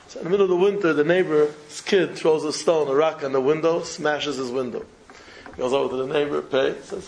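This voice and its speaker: A man's voice: on the high side, moderate pace, creaky, a little hiss or hum, rough recording. A man giving a Torah lecture, telling a parable and repeating phrases for emphasis, with Hebrew and Yiddish terms woven in. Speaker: rabbi giving a talk.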